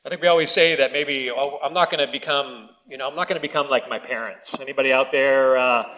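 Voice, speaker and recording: A male pastor reads scripture and then preaches in an easygoing, conversational way. His voice sits at an ordinary middle pitch. He is recorded in a church sanctuary. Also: steady tone, fast, pushed and bright, poor audio. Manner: conversational preaching with family anecdotes. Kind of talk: sermon.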